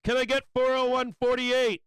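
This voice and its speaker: A man hosting a live stock market stream, calling prices in an excitable, hyped way and chuckling often. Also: very high voice, normal speed, smooth, no room sound, rough recording. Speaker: stock market livestream host. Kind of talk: live trading commentary.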